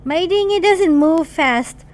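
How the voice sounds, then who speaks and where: A woman host giving casual, playful gameplay commentary, chattering excitedly to the characters in her game. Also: very high-pitched, slow. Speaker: mom gaming channel host.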